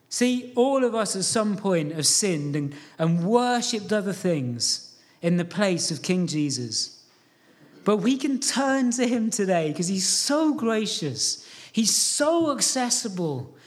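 A man's voice: sits high, very animated, takes it slowly. A man preaching a sermon as pastor, earnest and urging, asking questions and answering them himself.

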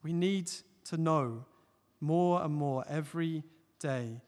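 A man preaching a sermon, earnest, rising to loud emphatic peaks and dropping to soft, close appeals. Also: fairly high pitch, slow. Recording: long hall reverb.

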